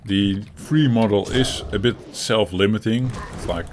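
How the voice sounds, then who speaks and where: A man with a Dutch accent talks in an easygoing, rambling way, chuckling often, restarting his sentences and swearing now and then. His voice sits a little low. Keyboard typing and steady noise run beneath the recording. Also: unhurried. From Netherlands. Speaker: co-host of a gaming chat show. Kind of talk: casual chat. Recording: audible typing and background noise.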